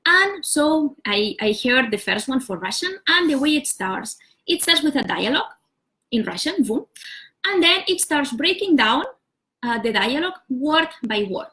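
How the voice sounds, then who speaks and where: Higher-voiced woman teacher explaining patiently. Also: big pitch swings, moderate pace, bright, forceful tone. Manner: patient, step-by-step explaining with frequent "uh" and "so". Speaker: language teacher. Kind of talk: casual livestream explainer. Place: home setup for a live stream.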